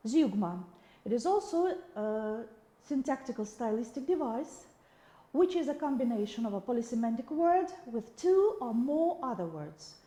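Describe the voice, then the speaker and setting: A woman's voice: fairly high pitch, dark tone, roomy sound. A woman with a Russian accent giving a recorded video lecture, reading examples aloud with the odd restart.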